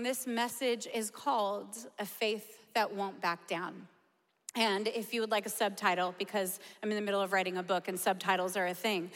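Woman pastor preaching, high voice, animated storytelling, big reverby church hall. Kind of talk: sermon.

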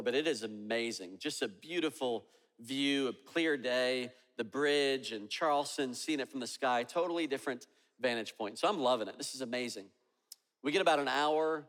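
A male pastor preaching, telling a story in an animated way and voicing each person in it. His voice is mid-pitched and rings with the long reverb of a large hall. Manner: animated storyteller acting out dialogue. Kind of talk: sermon storytelling.

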